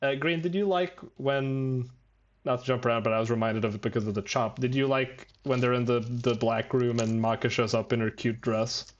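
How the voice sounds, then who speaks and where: Excitable, swearing man chatting on a podcast. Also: normal speed, muffled recording. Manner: excitable, swears a lot, jumps into high squeaky voices when quoting characters. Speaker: podcast host. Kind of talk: casual chat about manga.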